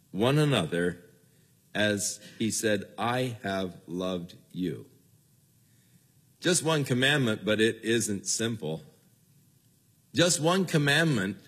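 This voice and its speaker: An older man preaching a sermon as pastor, slow and earnest, acting out quoted voices of his listeners now and then. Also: medium pitch, fairly bright tone.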